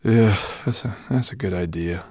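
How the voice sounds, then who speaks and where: A man's voice: lowish voice, normal speed, a little mellow, no echo, studio quality, lightly acted. A man voicing an earnest young boy.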